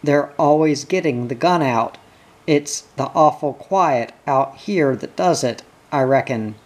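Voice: mid-range voice, measured pace, lightly acted. A reader doing a chatty, blunt ambulance bearer. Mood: gossipy. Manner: casual, gossipy.

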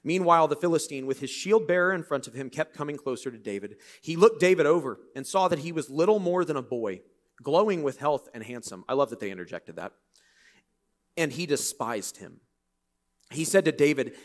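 A man preaching a sermon in a church, reading scripture and breaking into lively, conversational, joking asides. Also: fairly high pitch, fairly quick. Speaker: pastor.

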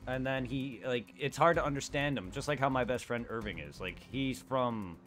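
A man hosting a gaming stream, talking in a casual, halting way full of fillers. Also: medium pitch, fairly bright tone, faint music behind.

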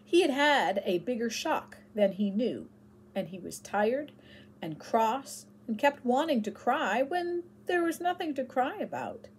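A woman narrating a children's chapter book aloud with expressive storytelling. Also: fairly high pitch, unhurried, slight background noise.

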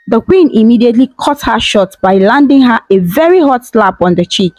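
A woman narrates a storybook folktale in a steady, dramatic way. Her voice is somewhat high and sits close and dry, with faint background music. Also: moderate pace, few pauses, no room sound, rough recording.

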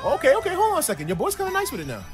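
A young man streaming a video game, excitedly yelling, laughing and talking to his chat over game music. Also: very high voice, very fast. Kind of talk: excitable let's-play commentary.

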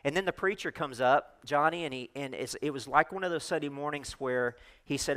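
A man's voice: a little high, normal speed, hardly any pauses, fairly bright tone. A middle-aged man, preaching as a guest speaker and telling a personal story in a candid, conversational way. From United States. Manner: candid, conversational storytelling with self-deprecating asides. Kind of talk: sermon storytelling.

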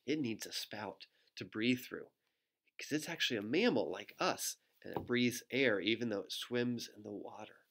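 A man, a pastor, reads a rhyming picture book aloud to children at home, adding gentle, playful asides and making animal sounds. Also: fairly low pitch, lively intonation, moderate pace.

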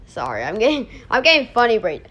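A woman hosting a casual gameplay video, excitable, yelling and laughing as she plays. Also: a little high, fast talker, noisy background. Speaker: gaming video host.

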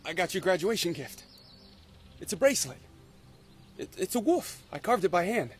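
A man's voice: high voice, big pitch swings, normal speed. A man acting out a wounded, lovesick young werewolf boy, earnest and pleading, voice swinging up and down, thin music underneath. He is pleading his case in a parody sketch.

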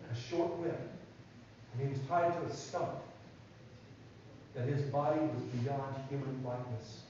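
A man giving a children's sermon in a church, telling a Bible story in an animated way and asking the kids questions. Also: fairly high pitch, a little hiss or hum. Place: church sanctuary. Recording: echoey church from far off, dull sound.

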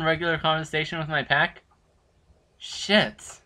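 A teenage boy hosting a horror game playthrough, chatting to viewers in rambling asides and swearing loudly when startled. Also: medium pitch, unhurried. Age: teens. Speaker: gaming channel host. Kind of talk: horror game let's play commentary.

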